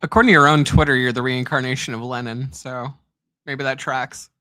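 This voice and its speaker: A man in casual live-stream chat who is quick to correct the others, with a wry tone. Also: mid-range voice, steady tone, bright, forceful tone, no room sound.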